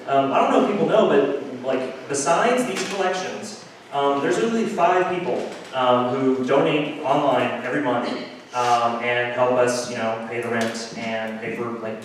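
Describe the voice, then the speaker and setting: A man's voice: mid-range voice, slight background noise. A man giving a casual, unscripted appeal for donations at a community assembly, rambling with many fillers and restarts. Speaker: assembly speaker asking for donations. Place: large hall at a community assembly. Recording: echoey hall from far off.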